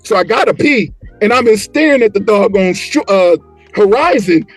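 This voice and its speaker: A man tells a story on a podcast in a casual, animated way, acting out what people said. His voice sits high and swings widely in pitch. Faint music plays under him. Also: normal speed. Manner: animated, acts out quotes and motions. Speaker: podcast guest.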